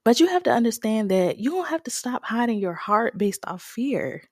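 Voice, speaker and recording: A woman's voice: a little high, very animated, normal speed, no room sound. A woman hosting a podcast, giving a faith-based motivational talk in a preachy, encouraging way and laughing often. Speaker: podcast host.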